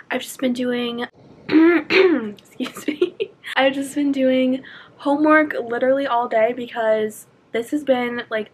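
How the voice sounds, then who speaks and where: A woman's voice: a little high, husky. Bubbly young woman vlogging from her dorm. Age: young adult. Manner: bubbly, chatty, gushing. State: out of breath. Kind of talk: casual vlog chat. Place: college dorm room.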